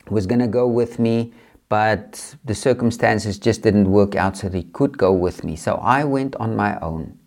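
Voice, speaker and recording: A man's voice: mid-range voice, gravelly, a little mellow. A man from Africa, hosting a podcast and telling a motivational story in an earnest, repetitive way. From South Africa. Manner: earnest, repetitive, builds emphasis. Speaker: podcast host.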